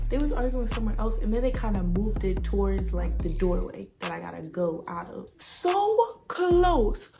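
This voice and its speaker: A young woman vlogger telling a story in a lively, slangy, dramatic way. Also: medium pitch, moderate pace, vocal fry, music in the background. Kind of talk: casual storytime vlog.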